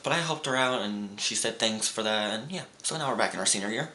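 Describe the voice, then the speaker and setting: A man's voice: on the low side, animated, quick pace, sharp tone. A young man telling stories in a casual vlog. He rambles with restarts and acts out his friends' lines in raised voices. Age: young adult. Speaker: vlogger. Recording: roomy echo with faint background hum.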